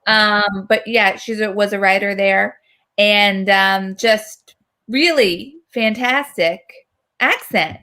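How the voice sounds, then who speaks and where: A woman's voice: medium pitch, takes it slowly, pushed and bright. A woman co-hosting a film festival, chatty and rambling with enthusiasm. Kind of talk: casual chat.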